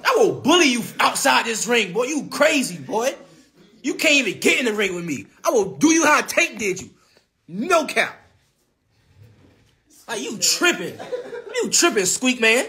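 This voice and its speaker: A man's voice: extremely high pitch, sing-song, measured pace, pauses often, pushed and bright. A young man trash-talking rivals on a phone live stream, brash and taunting, often laughing and repeating himself. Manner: brash, taunting, repetitive, laughs mid-sentence. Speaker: boxer on a social media live stream.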